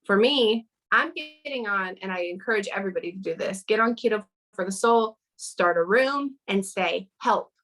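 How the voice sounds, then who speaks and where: A woman's voice: medium pitch, expressive, moderate pace, few pauses, fairly bright tone, low-quality recording. A woman speaking as a guest in a casual interview over a video call, earnest and chatty with lots of fillers.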